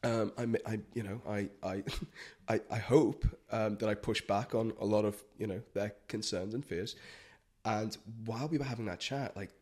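A man's voice: on the low side, normal speed. A man, a freelance broadcast journalist, telling stories in casual podcast chat, acting out quotes with lots of fillers and swearing. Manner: animated storytelling, acts out quotes, swears, many fillers.

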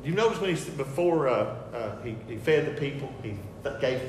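A man preaching a sermon with picture slides, emphatic and repetitive, shifting between soft asides and loud declarations. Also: mid-range voice, expressive, moderate pace, slight background noise. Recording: echoey hall with faint ambience.

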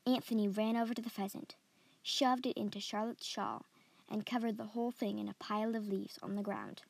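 A woman reading a story aloud in a steady, descriptive way as a podcast host. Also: medium pitch, a little fast, creaky, husky, dry recording. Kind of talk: scripted story narration.

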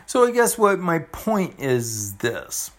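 A man in his forties talking earnestly and gently to the camera, halting often and restarting his sentences, with soft emotional laughs. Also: fairly high pitch, wildly swooping pitch. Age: 40s. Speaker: vlogger. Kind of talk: heartfelt personal talk to camera.

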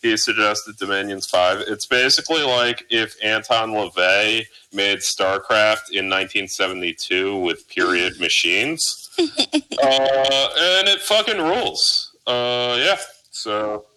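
A man's voice: fairly low pitch, takes it slowly, bright, forceful tone, clean tone, poor audio. A man in his thirties hosting a podcast, chatting casually with rambling, profane, sarcastic asides. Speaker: podcast host.

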